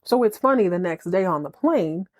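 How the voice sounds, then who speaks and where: A woman with a fairly low voice talks through a TV drama recap in a casual, playful way, with slangy asides. Her voice is recorded close and dry, with no room sound. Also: no room sound. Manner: animated, playful, slangy, quick bits of acted quotes. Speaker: podcast host recapping a TV drama. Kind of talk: casual recap with acted-out dialogue.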